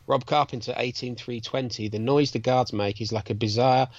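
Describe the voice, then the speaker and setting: A man co-hosting a casual arcade podcast, easygoing and quick to chuckle. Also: medium pitch, fairly even intonation, no echo, lo-fi sound. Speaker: podcast co-host.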